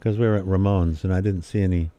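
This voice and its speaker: Deep-voiced chatty man storyteller. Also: steady tone, fast, dark tone, no room sound, highs cut off. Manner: chatty storyteller, acts out quoted voices with laughs. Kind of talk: casual conversation.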